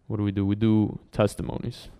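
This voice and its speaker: A man's voice: lowish voice, monotone, brisk, gravelly, warm tone, clear, resonant tone. A man leading a church service, making announcements and calling people up to share, encouraging and using frequent fillers.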